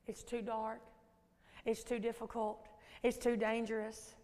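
A Southern American woman preacher voicing the taunting voice of the enemy, firing off quick put-downs in an echoey church. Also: on the high side, completely flat delivery, a little mellow, pitched below the performer's own voice. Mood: fearful. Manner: mocking, rapid put-downs. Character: taunting voice of the enemy, sneering and spiteful.

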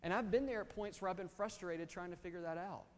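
A man tells a story from the pulpit, candid and ready to laugh at himself. His voice sits fairly high for a man. The long reverb of a large hall trails after his words. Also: fast talker, slight background noise. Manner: candid, self-deprecating, conversational. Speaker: preacher. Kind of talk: storytelling sermon. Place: church or auditorium.

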